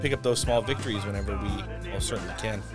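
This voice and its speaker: Over background music, a man with a fairly low voice hosts a casual political podcast. He wraps up with a quick sign-off and runs through his ad reads.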